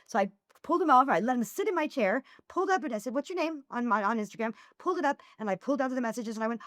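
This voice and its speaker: Animated, lively-voiced woman telling stories. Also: racing, few pauses, dry recording, clean studio sound. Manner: animated storyteller, acts out dialogue with big pitch swings. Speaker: podcast guest, author. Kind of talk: candid interview conversation.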